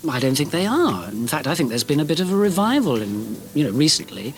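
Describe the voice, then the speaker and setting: A man's voice: on the high side, sing-song. A British man with a received pronunciation accent, speaking thoughtfully in a casual discussion. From United Kingdom. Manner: measured, thoughtful, hedging. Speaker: discussion participant.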